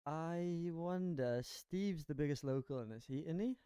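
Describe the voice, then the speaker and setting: A man's voice: fairly high pitch, a little slow, mellow, clear, resonant tone, no echo. A man co-commentating a surf contest, easygoing, often putting questions to the others. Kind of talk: casual sports commentary.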